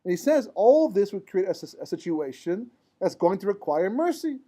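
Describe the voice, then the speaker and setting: A man's high, dark voice swings widely in pitch as he teaches a live Torah class at normal speed. The lecture is informal and conversational, peppered with Hebrew terms, rhetorical questions, and frequent "right?" check-ins.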